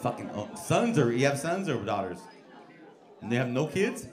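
On a comedy club stage, a forties-aged man does crowd work, ribbing the audience in a brash, profane style. His pitch is medium and his pace moderate, though his delivery is very animated. Crowd noise and laughter fill the echoey room.

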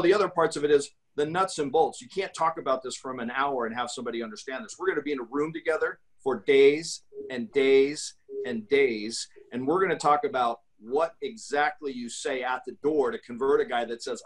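A man's voice: fairly quick, rough recording. Emphatic salesman talking shop. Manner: pitches his talk with emphatic, salesy energy. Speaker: guest speaker. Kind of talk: casual podcast talk.

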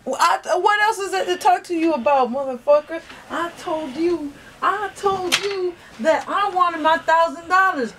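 A woman's voice: extremely high pitch, moderate pace, few pauses, a bit bright. An actress playing a brash, profane sex worker demanding her money in a comedy sketch. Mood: threatening. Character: fiery, loud-mouthed female sex worker demanding pay.

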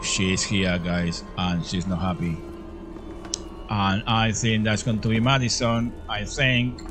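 A man's voice: lowish voice, little pitch movement, slow pace, over music. A man commentating as he plays a horror game, jumpy and full of exclamations, often calling out to his viewers. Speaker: horror game let's-player.

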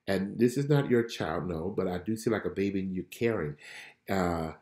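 A man's voice: sits low, moderate pace, darkish tone, echoey room. A man preaching a prophetic message on a livestream. He exclaims, laughs and greets viewers by name. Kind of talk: live-streamed prophetic preaching.

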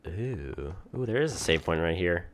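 A man doing excitable commentary on a video game, reacting aloud with exclamations as he plays. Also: sits low, moderate pace. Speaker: let's-play gamer.

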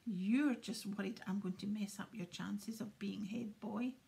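A woman's voice: medium pitch, a little slow, creaky, dark tone. A woman voicing a hot-tempered teenage schoolboy, sullen and sarcastic. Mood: grumpy sarcastic.

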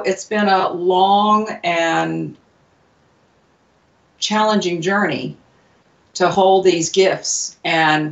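Slow, earnest woman telling her story. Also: fairly low pitch. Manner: earnest, halting, many fillers and restarts. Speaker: radio show guest. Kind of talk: personal storytelling in an interview. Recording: distant, roomy, dull lo-fi sound.

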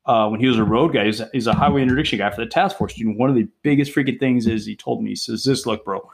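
Podcast guest: a middle-pitched cop in his forties, excitable, cursing through his war stories. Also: very fast, vocal fry. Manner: profane, excitable, peppers talk with "bro" and "dude". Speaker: guest, police drug interdiction officer. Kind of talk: casual storytelling chat.

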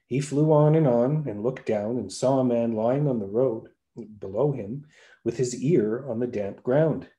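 A man narrating a folktale aloud with a lively, varied storytelling delivery. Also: medium pitch, a little slow. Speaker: podcast storyteller.

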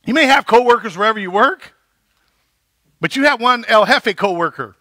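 A man's voice: high voice, expressive, moderate pace, long pauses, sharp tone, no echo. A male pastor preaching a sermon, building emphasis and checking in with the congregation. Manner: preaching with rising emphasis and repeated "right?".

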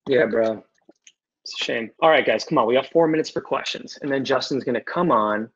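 Man, young adult, husky, casual Q&A, animated storytelling, muffled video call sound. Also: mid-range voice, a little fast. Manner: loose, swearing, animated storytelling. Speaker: guest speaker. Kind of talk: casual Q&A on a webinar.

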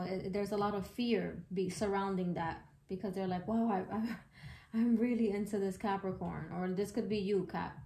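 A woman's voice: mid-range voice, a little mellow. A woman doing a casual tarot reading, chatty and slangy, speaking bluntly and swearing freely. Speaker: tarot reader. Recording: echoey room with background noise.

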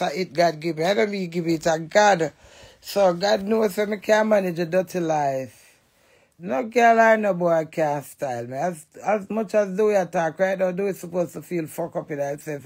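Gravelly Jamaican woman ranting. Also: fairly low pitch. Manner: loud, cussing, defiant rant. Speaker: vlogger. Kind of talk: ranting monologue to camera.

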